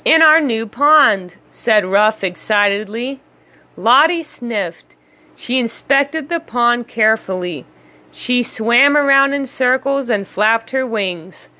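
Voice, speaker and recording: A woman reads a children's storybook aloud, expressive and unhurried. Her voice is bright and a little high, and she takes her time over every line. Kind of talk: read-aloud storybook narration.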